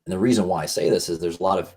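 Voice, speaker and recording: His low, husky voice stays deep and a touch rough throughout as he talks very fast, with a steady tone and a slightly mellow quality. He's a podcast guest, casual and earnest, rambling with frequent fillers and restarts.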